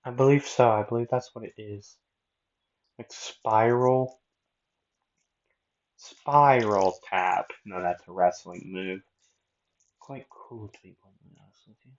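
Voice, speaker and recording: A man with a fairly low voice narrates a fan-made anime story in a casual, rambling way. He keeps breaking off for self-mocking asides. The recording sounds dull and lo-fi. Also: slow pace, long pauses.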